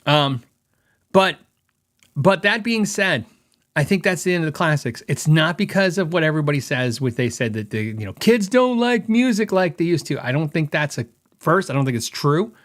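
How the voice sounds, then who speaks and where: A man's voice: on the high side, lively intonation, normal speed. A middle-aged man hosting a podcast, giving his opinions in a rambling, casual way and thinking aloud with fillers. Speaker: podcast host.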